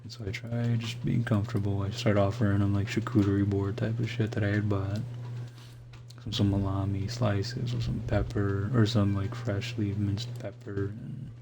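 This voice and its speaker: A man's voice: fairly low pitch, moderate pace, creaky. A young man on a live stream telling a long personal story in a casual, rambling way, swearing often and restarting his sentences. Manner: rambling, profane, full of "like" and restarts. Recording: steady background hum.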